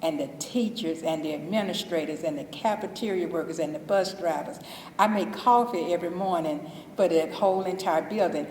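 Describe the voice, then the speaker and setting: Woman, Southern accent, middle-aged, chatty heartfelt storyteller, low voice, echoey room, faint background noise. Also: a little fast, darkish tone. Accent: Southern US (Alabama). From Alabama. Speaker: school custodian. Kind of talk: interview testimony. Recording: echoey hall, distant mic, faint noise.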